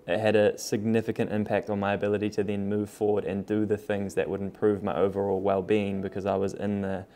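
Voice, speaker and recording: Laid-back low-voiced young man, swearing freely. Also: fairly quick. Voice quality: relaxed, frank, swears freely. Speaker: vlogger. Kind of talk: casual talk to camera. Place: new home, room full of boxes.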